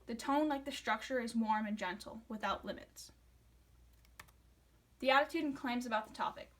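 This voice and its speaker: A young woman presents a poem analysis for a class project. Her voice sits a little high. She reads from a script and stumbles into fillers and restarts when she explains. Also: fairly bright tone. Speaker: student presenter.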